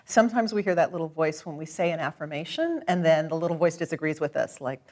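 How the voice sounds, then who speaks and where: A woman guiding a client through a tapping session, calm and gently directive, encouraging as she gives each step. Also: sits low, quick pace, few pauses. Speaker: tapping practitioner.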